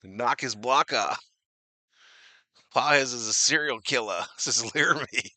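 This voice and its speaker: Excitable guy calling a ball game for his stream, super bright voice, dry sound. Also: mid-range voice, drawn-out words, long pauses, no echo. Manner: excitable, slangy, laughs often, reads chat comments aloud. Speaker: live-stream baseball commentator. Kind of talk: casual fan play-by-play commentary.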